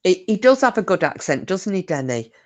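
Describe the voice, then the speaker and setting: A Scottish woman hosting a casual livestream reads viewers' comments aloud and answers them in a teasing, chatty way, swearing mildly. Her voice is lowish and darkish, brisk, with big pitch swings.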